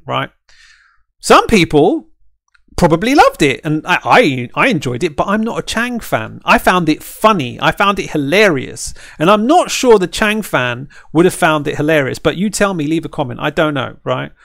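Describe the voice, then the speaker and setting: Male streamer, high and very animated, ranting and asking "right?", dry close sound. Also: normal speed, creaky, no echo. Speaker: streamer and fighting game caster. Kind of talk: ranting reaction stream chat.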